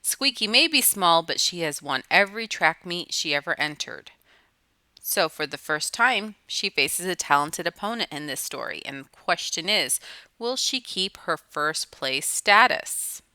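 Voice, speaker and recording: Dry, bright-voiced woman teacher. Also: lowish voice, expressive, unhurried, no room sound. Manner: explaining patiently, restating points. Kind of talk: recorded lesson for students.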